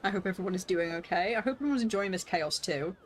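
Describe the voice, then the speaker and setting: A woman's voice: mid-range voice, animated, fast, slight background noise. A woman streaming a game, chatting playfully with viewers and reading character lines aloud with lots of laughter.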